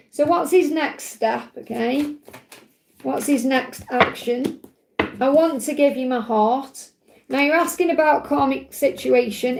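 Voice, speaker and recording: A woman with a high, gravelly voice gives tarot readings on a live stream. She talks in a chatty, reassuring way and keeps checking in with her listeners. The sound is echoey, as if she were recorded in a bare room. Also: darkish tone, slight background noise. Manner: chatty, reassuring, often adds "okay?". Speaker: tarot reader hosting a live Q&A.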